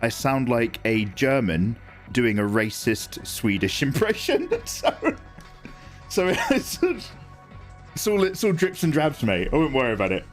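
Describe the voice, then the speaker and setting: A man's voice: mid-range voice, very animated, measured pace, faint music behind. A man chatting casually and self-deprecatingly on a live art stream while he draws, reading chat aloud.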